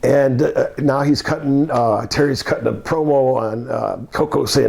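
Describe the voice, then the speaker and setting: A man's voice: mid-range voice, moderate pace, vocal fry, hardly any pauses, a little mellow, breathy edge. An older man, a former wrestler, telling rambling anecdotes with laughter in a shoot interview. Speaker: guest, former pro wrestler.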